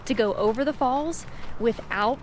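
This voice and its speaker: A woman travel vlogger talking casually outdoors on a trail, bubbly and quick to laugh. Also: on the high side, a little hiss or hum. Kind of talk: casual travel vlog narration.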